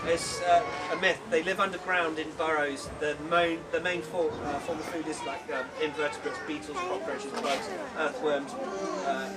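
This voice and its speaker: A man shows spiders to onlookers outdoors, mixing jokes with facts in an easy, chatty way. He sounds a little away from the mic, and a loud crowd murmurs all around. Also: a little high, little pitch movement, normal speed, heavy background noise. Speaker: spider handler presenting at a bug show. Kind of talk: informal public talk. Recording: distant voice over loud crowd.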